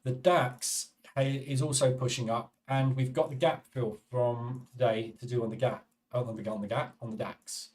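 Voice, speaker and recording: Male live trading stream host, casual running commentary, mid pitch, a little distant from the mic. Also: fairly even intonation, moderate pace, darkish tone. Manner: casual, thinking aloud, chatting to viewers.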